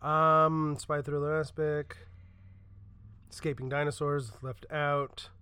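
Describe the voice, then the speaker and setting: A man's voice: on the high side, level tone, slow, sharp tone, clear, resonant tone. A man co-hosting a podcast, retelling scenes in a casual, profane way and acting out quotes as he goes. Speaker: podcast co-host. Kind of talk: casual chat.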